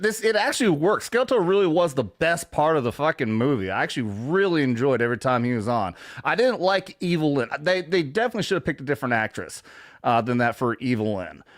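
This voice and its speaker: A man's voice: mid-range voice, dry recording, studio quality. A man hosting a casual livestream, rambling and swearing freely, with many fillers and restarts. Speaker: show host.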